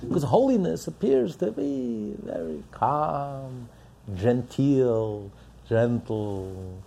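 A man's voice: mid-range voice, lively intonation, slow pace, vocal fry, mellow, slightly rough. A man preaching a sermon, impassioned and building up with rhetorical questions. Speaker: religious teacher.

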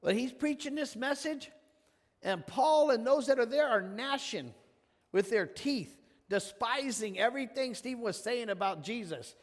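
A man's voice: extremely high pitch, lively intonation, a little slow, in a large hall. A man preaching a conversational sermon, asking questions and calling on listeners by name. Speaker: pastor. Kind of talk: interactive sermon.

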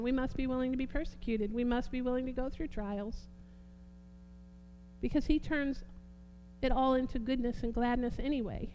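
A woman preaching a sermon, fervent, repeating phrases and swinging between soft and emphatic delivery. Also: high voice, a little hiss or hum.

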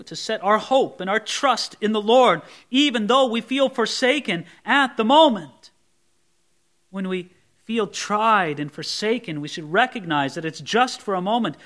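A male pastor teaching through a passage in a conversational way. His voice sits high and bright, and he keeps tossing rhetorical questions to the congregation. He slows down and stresses the words when he reads scripture. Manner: reads scripture aloud slowly and with emphasis. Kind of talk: expository sermon.

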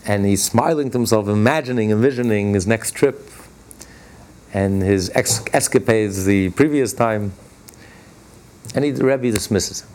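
A man teaching a religious lesson and telling stories, stressing key words with sudden jumps in pitch. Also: normal speed, long pauses, darkish tone. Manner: retells stories by acting out their dialogue. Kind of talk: Torah class storytelling.

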